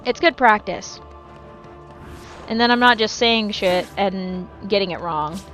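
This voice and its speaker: A woman's voice: mid-range voice, measured pace, fairly bright tone, faint music behind. A woman streaming a game and chatting casually with her viewers, rambling, swearing freely and often correcting herself mid-sentence. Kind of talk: casual live-stream chat while gaming.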